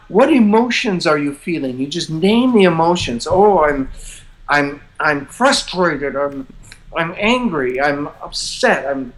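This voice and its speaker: An older man being interviewed, telling his story in a relaxed, self-deprecating way with frequent chuckles. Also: fairly high pitch. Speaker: interview guest, publisher.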